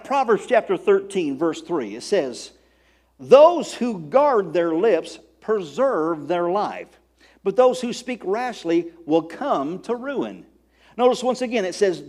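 Pastor, middle-aged man, high voice, emphatic sermon delivery. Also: a little mellow. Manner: preaching with rising, emphatic call-outs.

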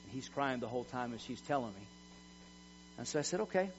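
A man's voice: mid-range voice, lively intonation, fast talker. A middle-aged man preaching a sermon in an emphatic, folksy way, repeating words as he tells personal stories. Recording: dull lo-fi recording with mains hum.

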